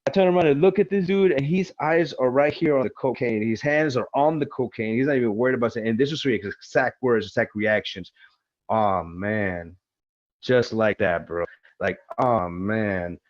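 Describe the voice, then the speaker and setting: A man's voice: medium pitch, dry recording, lo-fi sound. A man as an interview guest, casually retelling a personal story with lots of swearing and acted-out quotes.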